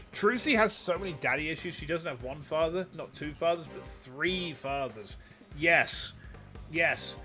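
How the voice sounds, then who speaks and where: Yorkshire game streamer, crude joking banter, music clearly audible behind. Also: male voice, fairly high pitch, animated, a little slow, sharp tone.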